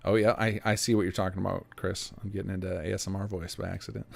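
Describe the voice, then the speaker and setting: Low gravelly man thinking aloud. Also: level tone, fast. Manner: thinking aloud while working, muttering to himself. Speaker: game mod developer streaming. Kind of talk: live-streamed work commentary.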